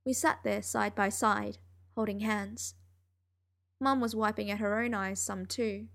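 A woman reading a first-person story aloud in an expressive, emotional way. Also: medium pitch, unhurried, vocal fry. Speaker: audiobook narrator.

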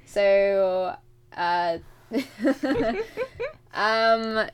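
A woman's voice: medium pitch, fairly even intonation, extremely slow, background noise. A woman co-hosting a chatty podcast, giggly and rambling, with lots of fillers. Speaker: podcast co-host reading fan fiction. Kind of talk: casual chat.

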